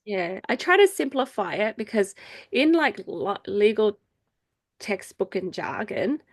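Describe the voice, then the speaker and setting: A woman's voice: big pitch swings, unhurried. A middle-aged woman teaches her group over a video call in a loose, conversational way. She laughs easily and lifts her voice when she acts out quoted people. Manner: chatty, laughs often, acts out quoted voices in a higher pitch. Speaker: faith group meeting leader. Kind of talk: casual teaching talk.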